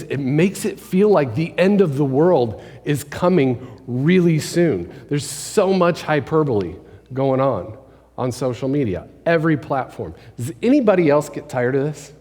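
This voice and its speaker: A man preaching a conversational sermon, asking the congregation questions and dropping his voice low for emphasis. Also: warm tone. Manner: conversational preaching, rhetorical questions, drops to near-whisper for emphasis. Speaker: pastor. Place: church sanctuary. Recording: long hall reverb.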